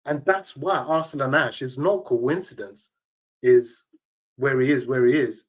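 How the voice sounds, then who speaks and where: A man's voice: mid-range voice, a little slow. A man, a tournament organizer telling emphatic, slang-heavy stories as an interview guest. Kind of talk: casual interview storytelling.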